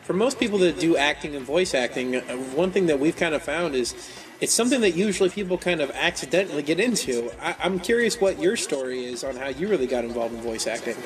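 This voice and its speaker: Fast-talking male interviewer, distant mic. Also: fairly high pitch, lively intonation, soft background music. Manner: curious, quick questions. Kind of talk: interview questions.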